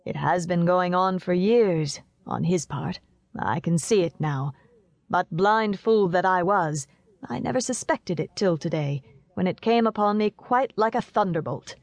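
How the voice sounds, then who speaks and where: A woman voicing a middle-aged father who speaks low, sadly and in a measured way in an audiobook. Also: no room sound. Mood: grave.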